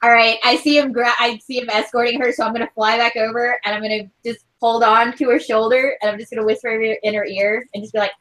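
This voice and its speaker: A woman playing a tabletop game, asking quick, hesitant questions. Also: fairly high pitch, flat delivery, fairly bright tone, low-quality recording. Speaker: player. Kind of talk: tabletop role-play chat.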